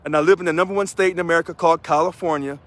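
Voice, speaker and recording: A man from Missouri, a union president, giving an energetic video address to union members and emphatically repeating key phrases. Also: on the high side, racing, no room sound.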